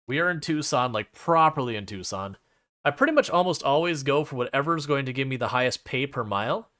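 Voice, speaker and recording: A man's voice: medium pitch, lively intonation, fairly quick, bright, forceful tone. A man chatting casually to his chat while streaming a driving game, rambling with lots of fillers and playfully mocking the game.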